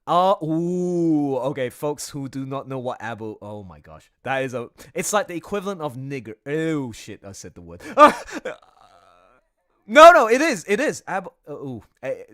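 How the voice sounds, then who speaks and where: A man streaming live and chatting casually, excitable, laughing often and trailing off mid-sentence. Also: a little high, unhurried. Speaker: streamer and artist. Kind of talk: casual livestream chat.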